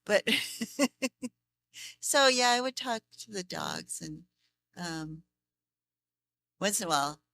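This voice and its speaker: A chatty voice actress fields fan questions at a convention panel, telling stories with plenty of laughter. Her voice sits somewhat low for a woman yet sounds bright and forceful. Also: slow pace, vocal fry, pauses often. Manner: chatty, laughs often, animated storytelling. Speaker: voice actress guest.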